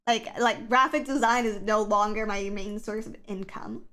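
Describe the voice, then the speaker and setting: A woman's voice: medium pitch, steady tone, normal speed, a bit bright. A woman streamer chatting casually on a livestream, rambling with lots of fillers, her voice scratchy from the early morning.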